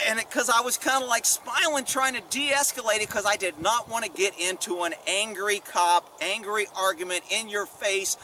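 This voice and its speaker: A middle-aged man tells old police stories in a loose, rambling, profane way, swearing freely. His voice sits high and bright. The mic is some distance from him, with faint background noise behind. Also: moderate pace, hardly any pauses. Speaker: former police officer telling stories. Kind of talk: casual storytelling vlog.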